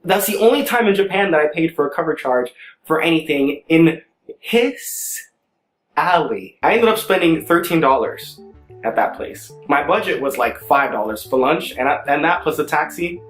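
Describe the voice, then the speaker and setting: A young man spins a comic story in an animated, exasperated way, with his voice sitting on the higher side. The room sounds roomy and echoey, with faint music playing underneath. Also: normal speed. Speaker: storyteller vlogger. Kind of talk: casual storytelling to camera.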